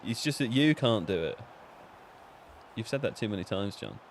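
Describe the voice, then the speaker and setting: Lively man teasing while gaming. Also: on the low side, normal speed, slight background noise. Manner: animated, laughing and teasing. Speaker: co-host playing a football video game on stream. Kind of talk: casual banter while gaming.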